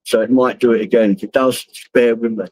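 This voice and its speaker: With a mid-range, fairly even voice that's a little mellow, a middle-aged man with a London accent chats quickly to stream viewers on his phone while driving. He rambles, swears constantly and laughs at his own stories. The audio is dry and poor.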